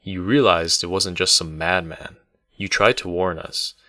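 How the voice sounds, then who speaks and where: A man as a calm, measured innkeeper. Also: low voice, no room sound, clean studio sound. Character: calm red-haired male innkeeper.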